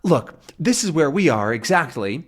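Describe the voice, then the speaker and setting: A man's voice: fairly high pitch, very animated, normal speed, slightly rough, voice pushed up. A man reading a comic aloud, voicing a bumbling, fussy male detective who speaks timidly and politely. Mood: hesitant.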